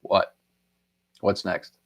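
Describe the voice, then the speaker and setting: A man's voice: drawn-out words, fairly bright tone. A middle-aged man hosting a casual live stream, chuckling often and half-singing song lines as he reads out viewer answers.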